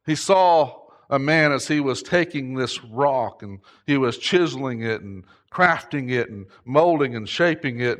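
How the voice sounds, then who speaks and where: A middle-aged man preaching a sermon, impassioned, rising to shouts at its peaks. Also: medium pitch. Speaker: pastor.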